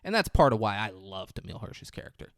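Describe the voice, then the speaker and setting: A man's voice: fairly low pitch, fast talker, no room sound, clean studio sound. A young man co-hosting a podcast, casually retelling a film scene by scene with lots of swearing and acted-out quotes. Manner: profane and animated, acting out quoted lines. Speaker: podcast co-host.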